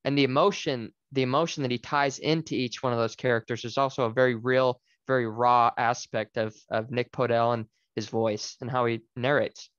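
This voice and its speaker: A man co-hosts a book podcast, rambling with enthusiasm and lots of filler words. His voice is smooth and resonant. The recording sounds dull and dry, with no room echo. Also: mid-range voice, flat delivery, normal speed, hardly any pauses, fairly bright tone. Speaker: podcast co-host. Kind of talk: casual book discussion.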